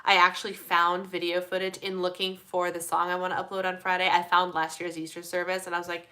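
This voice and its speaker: Bright chatty young woman doing a live chat, reading comments, kinda rambly. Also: fairly low pitch, fairly quick. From Midwestern United States. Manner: chatty, animated, lots of "like" and fillers. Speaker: host of a live community chat.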